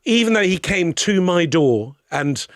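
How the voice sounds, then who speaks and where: A middle-aged man tells a comic story, his pitch leaping all over the place as he acts out other people's voices. His voice sits a little high for a man. He swears freely, and the sound is close and dry with no room echo. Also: very animated, measured pace. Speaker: podcast guest. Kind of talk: comic anecdote telling.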